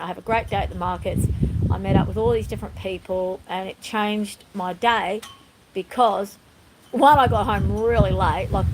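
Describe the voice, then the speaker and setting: A woman's voice: mid-range voice, heavy background noise. A woman talking candidly in a rambling, emotional personal vlog, filmed at home on a phone. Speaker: vlogger.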